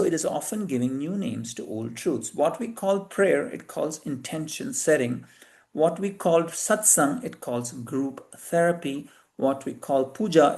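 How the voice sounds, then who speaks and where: A man giving a lecture-style talk, earnest, with frequent fillers and self-corrections. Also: on the high side. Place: venue of a talk series.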